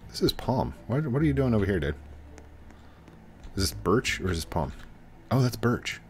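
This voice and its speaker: A man's voice: fairly low pitch, big pitch swings, normal speed, a little hiss or hum. A young man hosting a casual game video, chatting in a rambling way and often trailing off and restarting. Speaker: gaming video host. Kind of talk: casual gameplay commentary.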